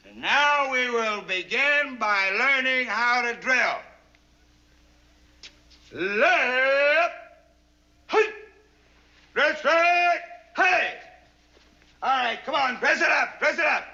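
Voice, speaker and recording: An actor playing a stern, sarcastic Marine drill sergeant who barks orders and counts cadence, in a 1960s sitcom. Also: male voice, extremely high pitch, animated, very slow, long pauses, sharp tone, heavily acted. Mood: barking. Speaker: drill instructor. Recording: dull old TV soundtrack.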